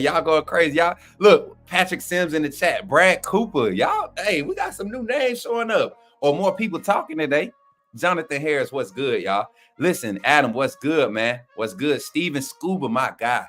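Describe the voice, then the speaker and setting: A man's voice: mid-range voice, fairly bright tone. A man co-hosting a livestream, hyped and slangy, calling out chat names. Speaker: co-host. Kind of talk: casual livestream shout-outs.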